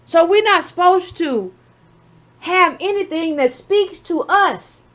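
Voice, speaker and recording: Woman, very high voice, casual commentary, sarcastic, mocking, rhetorical. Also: lively intonation, slow, a bit bright. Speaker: political commentator.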